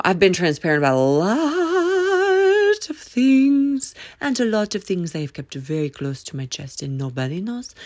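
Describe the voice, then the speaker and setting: A woman hosts her own faith-based podcast in a low voice, stretching key phrases out for emphasis. She talks in a folksy, preachy way and drifts into a playful Southern drawl. The sound is dry and close, with no room echo. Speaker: podcast host.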